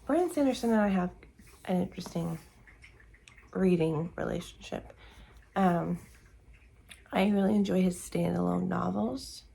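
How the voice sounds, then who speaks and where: A woman's voice: fairly low pitch, measured pace, vocal fry, long pauses, mellow, husky, low-quality recording. A tired, sleepy woman chatting casually at home in the morning as a book vlogger, rambling and searching for words. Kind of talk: casual morning chat to camera.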